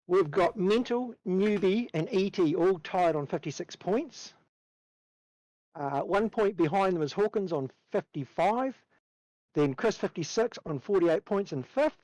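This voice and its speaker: High-voiced Kiwi man reading race points. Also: animated, unhurried, a little mellow, dry recording, rough recording. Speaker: points announcer. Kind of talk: reading out championship standings.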